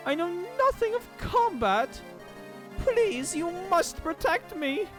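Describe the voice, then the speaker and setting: Merlinus, a streamer doing a shrill old merchant. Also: very animated, slow, a bit bright, soft background music, exaggerated voice. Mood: pleading. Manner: shrill, panicky pleading. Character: frightened old male merchant, timid and fussy. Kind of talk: reading game dialogue aloud in voices.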